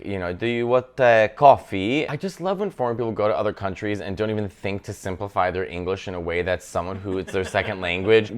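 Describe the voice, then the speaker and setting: A man in his thirties giving casual comedic commentary on a video, with opinionated rants, tangents and swearing. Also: fairly low pitch. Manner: animated, opinionated rants with frequent asides and swearing.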